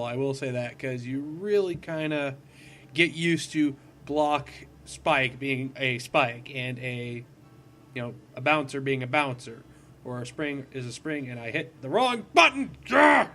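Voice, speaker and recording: A man's voice: medium pitch, a bit bright, slight background noise. A man hosting a casual let's-play, rambling and goofy and poking fun at himself while he plays a puzzle platformer. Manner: goofy, rambling, self-deprecating. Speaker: gaming video host.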